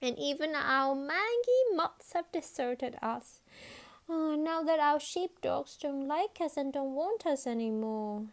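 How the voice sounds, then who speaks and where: A woman voicing a group of gruff grown-up male sheep shearers, loud, blustering and grumbling. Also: high-pitched, expressive, slow, voice pushed up, exaggerated voice.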